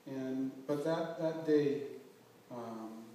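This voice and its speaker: Halting middle-aged man in an echoey room. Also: medium pitch, dark tone. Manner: halting, earnest, often breaking off mid-sentence. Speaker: bereaved father telling his story. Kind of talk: personal storytelling to a small group. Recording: very echoey room, voice from far off, faint hiss.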